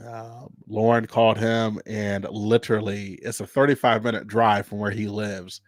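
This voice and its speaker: A man's voice: on the low side, flat delivery, normal speed, no room sound, studio quality. A man hosting an unscripted livestream chat, rambling loosely and laughing often. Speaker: host.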